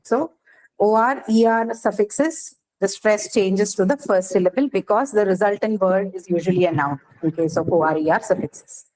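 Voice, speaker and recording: A woman's voice: mid-range voice, normal speed, darkish tone, rough recording. A woman teacher giving a lecture, explaining step by step and often checking in with her students. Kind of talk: classroom lecture.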